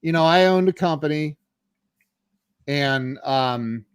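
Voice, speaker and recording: A middle-aged man recounting his own past in a candid, halting way, often stammering and restarting. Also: on the high side, clean tone, no room sound. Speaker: guest telling his story. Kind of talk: candid personal storytelling.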